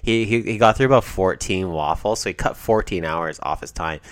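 Low-voiced guy podcasting, sarcastic, swears a lot, dry close mic. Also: normal speed, no room sound. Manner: sarcastic, swearing, wrestling-fan jokes. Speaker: podcast co-host. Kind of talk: casual podcast banter.

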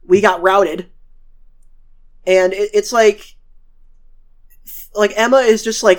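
A woman's voice: mid-range voice, fairly even intonation, takes it slowly, long pauses. Rambling, profane woman recapping episodes. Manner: profane, rambling, acts out quoted characters. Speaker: podcast co-host.

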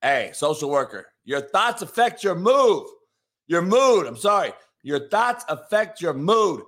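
A man hosting a morning sports talk show, his voice a little high for a man and hoarse from a night of yelling. He talks in a brash, profane, hype-driven way, pushing straight through his sponsor plugs. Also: sing-song, unhurried.

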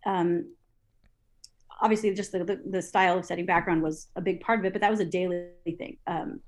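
A woman recounting television production stories in an interview, lively, acting out her own past thoughts aloud with many fillers and restarts. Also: fairly low pitch, brisk. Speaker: interview guest, TV assistant director. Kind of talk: storytelling in an interview.

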